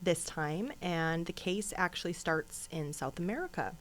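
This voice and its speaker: A woman's voice: lowish voice, a little slow, a bit bright. A woman co-hosting a true crime podcast in casual, chatty talk, rambling into asides and laughing often. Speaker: podcast co-host.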